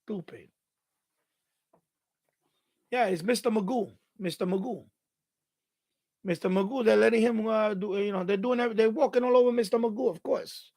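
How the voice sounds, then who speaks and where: Male live-streamer, exasperated and profane, very high pitch, casual rant. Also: moderate pace, vocal fry, long pauses, a little mellow. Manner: exasperated, swears freely. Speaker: radio hobbyist live-streamer. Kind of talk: ranting live-stream chat.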